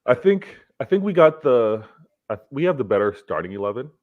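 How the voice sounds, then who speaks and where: A man in casual football chat, talking in a relaxed, measured way and often murmuring agreement. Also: mid-range voice. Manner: relaxed, measured talk with many agreeing fillers. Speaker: co-host. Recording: dull lo-fi audio.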